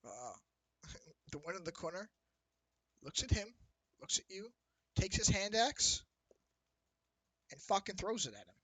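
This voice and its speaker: A man's voice: high-pitched, sing-song, unhurried, pauses often, fairly bright tone, dry recording, rough recording. A man narrating as dungeon master in a loose, chatty way, with lots of ums. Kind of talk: casual tabletop game narration.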